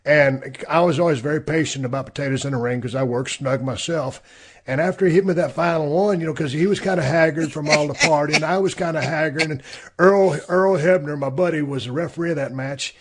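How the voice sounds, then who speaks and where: A man's voice: a little high, a little fast, slightly rough. A middle-aged man hosting a podcast, telling a laid-back, profane story with plenty of fillers. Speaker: podcast host. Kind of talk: casual storytelling.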